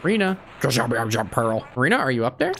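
A man's voice: medium pitch, sing-song, normal speed, vocal fry, a bit bright. A man streaming a video game live, joking around playfully and laughing a lot as he comments. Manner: playful, goofy, bursts of laughter; mock-threatening jokes. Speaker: gaming streamer.

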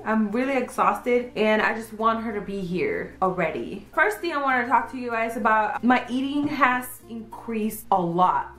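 A woman's voice: on the high side, a bit bright. A young woman vlogger chatting candidly and at length to her viewers in a casual, slangy way. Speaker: beauty vlogger. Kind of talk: casual chat. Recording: echoey room.

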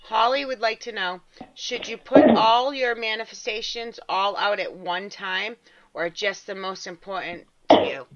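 A woman's voice: medium pitch, fairly even intonation, unhurried, echoey room, dull audio, crowd noise. A woman co-hosting a radio show, reading out listener questions and giving short, agreeable replies. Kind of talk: casual radio chat.

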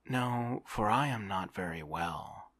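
A man voicing a lazy, reflective gentleman in a whispered role-play, musing in a mildly weary way. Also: fairly low pitch, animated, slow pace, husky, voice pushed up, heavily acted.

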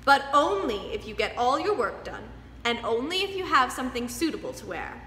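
A woman's voice: high voice, big pitch swings, normal speed, sharp tone, slight background noise, full character voice. A woman voicing a cold, scheming stepmother in a storybook reading, cool and commanding. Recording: echoey studio hall, faint music.

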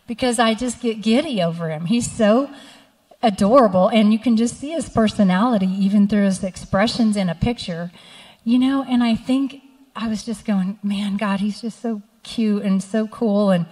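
A woman's voice: mid-range voice, darkish tone. A middle-aged woman pastor giving a sermon, telling personal stories and reading scripture aloud. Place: church sanctuary. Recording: church hall reverb.

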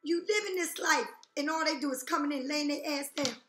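Woman tarot reader, brassy and high, profane and direct, echoey room with faint music underneath. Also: a little fast, fairly bright tone. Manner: blunt, profane, rhetorical questions. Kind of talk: intuitive reading to viewers.

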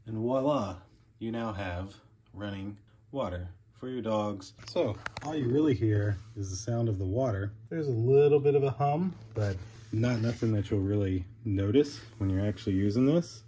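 Chatty low-voiced man demoing a gadget. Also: normal speed, dark tone, slight background noise. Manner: chatty, talks to his dogs in a high coaxing voice. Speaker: vlogger. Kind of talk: casual product demo.

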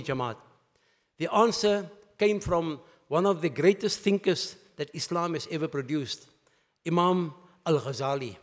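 Man, Friday sermon, emphatic, repeats phrases, slightly high voice, echoing hall. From South Africa. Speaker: mosque speaker. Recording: reverberant mosque hall.

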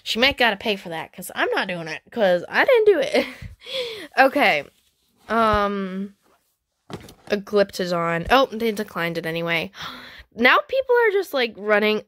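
A woman's voice: medium pitch, a little slow, long pauses, dry recording. Bubbly gamer girl commenting on her trades, voice bouncing way up and down, dry close sound. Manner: excitable, gasps and squeals when surprised; chatty, talks to viewers and other players. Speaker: gaming channel host. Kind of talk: playing a trading game while commenting casually.

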